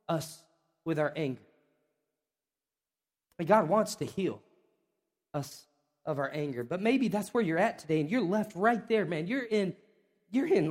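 A man preaching a sermon as pastor, speaking with rising passion and sharp climbs on repeated questions. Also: a little high, in a large hall. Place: church sanctuary.

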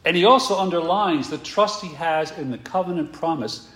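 A male pastor preaching a sermon, emphatic and full of rhetorical questions, slowing down to stress his points. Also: fairly high pitch, a bit bright, echoey room.

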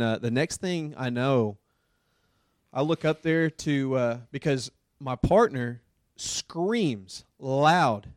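A man rambles casually through a long story about work, full of fillers, growing animated as he acts out what people said. His pitch is medium, and the studio-quality audio has no room sound.

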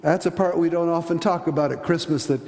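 A man preaching a sermon, telling stories and acting out the voices in them, sometimes dropping soft and low for emphasis. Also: fast talker, gravelly. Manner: storytelling, acts out voices in anecdotes; hesitant restarts, drops to soft low tones for emphasis. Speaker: pastor. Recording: long hall reverb.

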